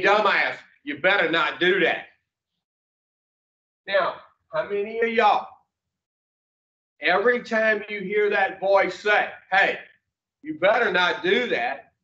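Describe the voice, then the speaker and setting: This high-pitched, slightly bright male voice belongs to a recovery class teacher who talks bluntly and folksily, swearing mildly. The plain class talk comes through a distant, echoey, dull room recording.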